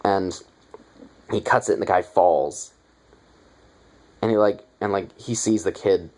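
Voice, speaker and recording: Low-voiced man gushing over a movie. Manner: excited, rambling, heavy swearing. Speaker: movie reviewer. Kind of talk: casual movie review.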